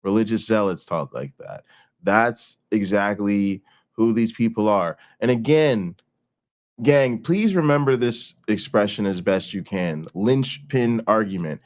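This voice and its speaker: A man's voice: fairly low pitch, animated, unhurried. A man hosting a casual commentary, blunt, profane and emphatic as he reacts to clips.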